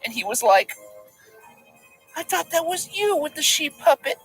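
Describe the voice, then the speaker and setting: A man's voice: extremely high pitch, very animated, moderate pace, a bit bright, soft background music, voice pushed up, heavily acted, poor audio. Man putting on a timid little lady. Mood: spooky. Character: timid little lady telling a spooky tale. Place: backyard campfire outdoors.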